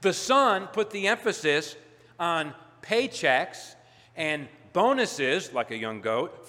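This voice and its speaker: A man preaching a sermon as pastor, emphatic, building to loud peaks and dropping low. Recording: long hall reverb.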